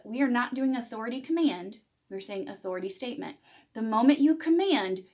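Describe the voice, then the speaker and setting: A woman's voice: a little high, a bit bright. A woman in her thirties giving a parenting lesson to camera, explaining plainly and acting out what a parent might say. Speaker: parenting educator.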